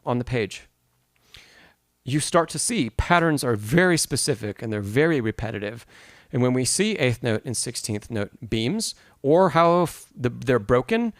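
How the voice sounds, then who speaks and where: A man's voice: medium pitch, no room sound. Dry-sounding male piano teacher. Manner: explanatory, reads and answers chat, sings rhythms. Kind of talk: live-streamed masterclass.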